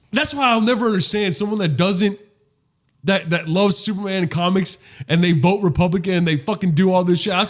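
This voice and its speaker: A young man co-hosting a casual podcast, talking animatedly and restarting his sentences as he gets worked up. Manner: animated, rising pitch when worked up, trailing restarts. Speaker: podcast co-host.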